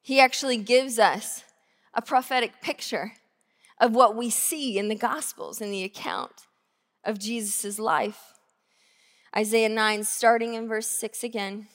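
A woman pastor giving a sermon, earnest and conversational, slowing down to stress key phrases. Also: on the high side, fairly even intonation, in a large hall. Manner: earnest, conversational preaching with slow emphatic phrases. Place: church sanctuary.

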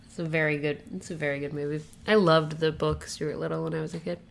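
Female podcast co-host, deep voice, halting improv delivery. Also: level tone, gravelly. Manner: hesitant, improvising a story with fillers. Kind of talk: casual comedic chat.

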